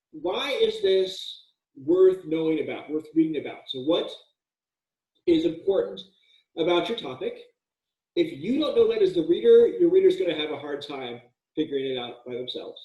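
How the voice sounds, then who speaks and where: A man's voice: a little high, a little mellow, highs cut off. Joking male lecturer in an echoey room. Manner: casual, joking, with frequent fillers and restarts. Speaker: college writing instructor. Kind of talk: recorded lecture. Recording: echoey room, mic at a distance.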